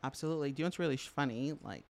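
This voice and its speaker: A woman's voice: extremely low pitch, very fast, slight background noise. A middle-aged woman from Canada chatting as an interview guest, telling stories with lots of fillers and laughs. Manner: animated storyteller, frequent fillers, laughs often. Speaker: podcast guest. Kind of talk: casual interview chat.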